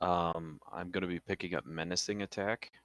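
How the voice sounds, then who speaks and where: A man's voice: low voice, fairly even intonation, moderate pace, a bit bright, no echo. A man chatting and joking with friends while leveling up his tabletop game character. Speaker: player. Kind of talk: casual chat before a tabletop game.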